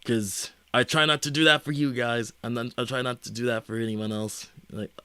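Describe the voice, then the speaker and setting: A young man streaming, talking casually in a rambling, halting way full of fillers and restarts. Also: mid-range voice, fairly even intonation, pushed and bright, clean tone, no room sound. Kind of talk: casual livestream chat.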